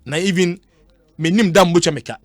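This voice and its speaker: Fast-talking Ghanaian man on sports radio. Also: sits high, no echo, clean studio sound.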